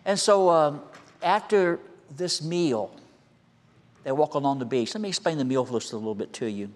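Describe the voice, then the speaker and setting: A man in his sixties, a senior pastor, preaching a sermon and telling a childhood story, moving between quiet asides and raised, emphatic calls. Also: fairly high pitch, lively intonation, normal speed. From American. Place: church sanctuary. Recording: long hall reverb.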